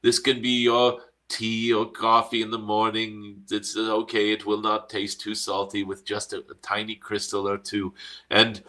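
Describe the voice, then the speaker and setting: A man channeling a gentle, wise cosmic dragon spirit in a slow guided meditation, humming "mm" between phrases. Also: lowish voice, completely flat delivery. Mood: serene.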